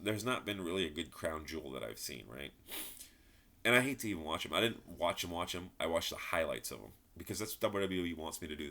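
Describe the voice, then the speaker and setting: A man's voice: deep voice, bright, forceful tone. A man giving a frustrated, rambling wrestling review, swearing and repeating himself. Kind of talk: ranting solo commentary.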